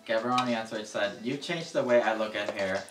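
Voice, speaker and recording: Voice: medium pitch, a little fast, recorded from a distance, music in the background. An off-camera helper reading viewer chat comments aloud in a plain, matter-of-fact way. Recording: roomy, off-mic from across the room.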